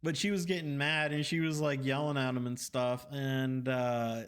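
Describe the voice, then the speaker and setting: A man's voice: mid-range voice, steady tone, normal speed, clean tone. A man streaming games, telling a story casually with rambling, profane asides to his chat.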